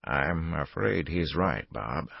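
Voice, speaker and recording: A man voicing a quiet, regretful older male official who speaks hesitantly and sorrowfully. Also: very deep voice, lively intonation, takes it slowly, gravelly, husky, no echo, exaggerated voice. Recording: dull lo-fi dry recording.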